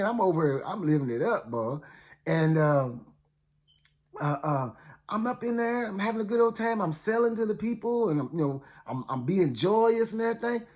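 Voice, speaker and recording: A man's voice: high-pitched, animated, moderate pace, darkish tone. A man retelling a Bible story in first person, in a casual, slangy way with frequent asides to the listeners. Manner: chatty, slangy, with many "you know what I'm saying" asides. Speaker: storyteller for a ministry.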